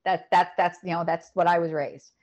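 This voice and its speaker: A middle-aged woman telling a painful personal story in a podcast conversation, emotional and halting, often repeating words. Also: fairly low pitch, little pitch movement, a little mellow, highs cut off. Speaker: podcast guest.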